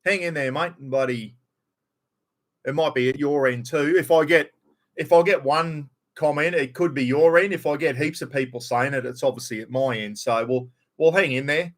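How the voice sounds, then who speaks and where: A man's voice: a little high, moderate pace. Blunt North Queensland Australian bloke. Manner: blunt, rambling, swears freely. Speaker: live stream host. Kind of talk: casual live stream chat.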